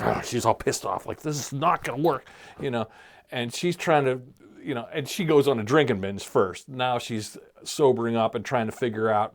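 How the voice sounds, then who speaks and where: A man co-hosting a casual podcast chat, rambling as he retells a show's plot in quoted voices. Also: medium pitch. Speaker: podcast co-host.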